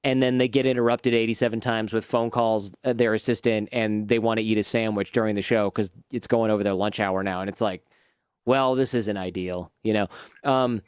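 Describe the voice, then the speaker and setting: A man telling lively anecdotes in a casual interview, acting out the people in his stories. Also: on the low side, brisk, clean tone, dry recording, clean studio sound. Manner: animated anecdotes, acts out quoted people. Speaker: podcast host as guest.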